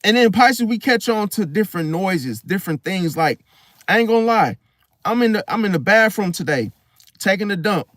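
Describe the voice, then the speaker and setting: A man with a high, very lively voice tells a rambling story in loose street slang. He hosts an astrology talk channel. The sound is close and dry, with no room around it. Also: normal speed, no room sound. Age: adult, once married. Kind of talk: casual storytelling monologue.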